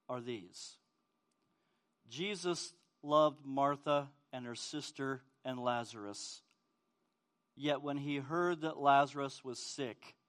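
A man's voice: medium pitch, a bit bright. A male pastor preaching a sermon, earnest and asking the congregation direct questions. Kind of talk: sermon with scripture reading.

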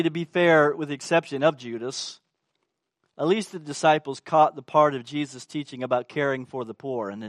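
A man's voice: mid-range voice, no echo, studio quality. A man preaching a sermon, emphatic and asking the congregation rhetorical questions.

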